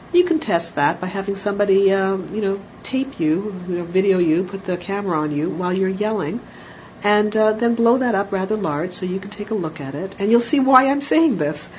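A woman giving a calm, explanatory spoken lecture on parenting, now and then acting out what parents say. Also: medium pitch, moderate pace. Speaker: parenting educator. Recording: dull lo-fi audio with faint noise.

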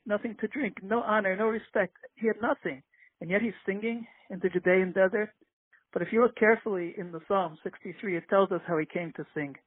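A man's voice: high voice, breathy edge, no room sound. A rabbi giving an earnest inspirational talk and telling stories, explaining as he goes. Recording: tinny dry phone line.

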